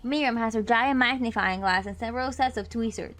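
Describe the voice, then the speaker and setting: Young woman streamer reading a silly dating game out loud, giggly, kinda high voice. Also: a little fast. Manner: playful, giggly, reacts to text. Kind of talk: reading a dating sim aloud while streaming.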